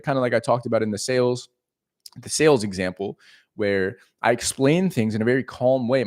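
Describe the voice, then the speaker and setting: A man giving an animated, profane casual monologue as a dating coach. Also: mid-range voice.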